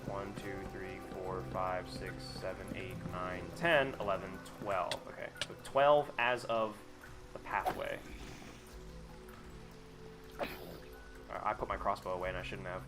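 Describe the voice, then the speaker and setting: A man's voice: low-pitched, moderate pace, pauses often, a bit bright, faint music behind. Profane, sarcastic male gaming streamer. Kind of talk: casual live gaming stream chatter.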